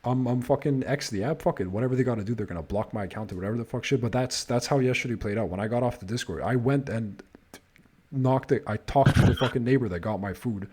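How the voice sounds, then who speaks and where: A man's voice: mid-range voice, fast, a little mellow, breathy edge. A man hosting a podcast, telling a casual story, swearing nonstop and sounding exasperated as he restarts his sentences. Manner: profane, swears constantly. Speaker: podcast host.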